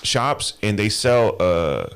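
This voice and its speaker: A man's voice: fairly low pitch, sing-song, slow, fairly bright tone, clear, resonant tone. A man in his thirties, a comedian guest, chatting loosely on a podcast with plenty of slang. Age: 30s. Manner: loose slangy talk, lots of "bro". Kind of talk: casual podcast chat.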